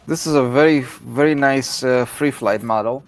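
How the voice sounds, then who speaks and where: A man joins a relaxed video-call hangout and talks in a halting way, with many fillers and restarts. His voice sits at an ordinary middle pitch. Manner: hesitant, many pauses and fillers. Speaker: participant in a hobby video hangout. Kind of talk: casual chat on a video call.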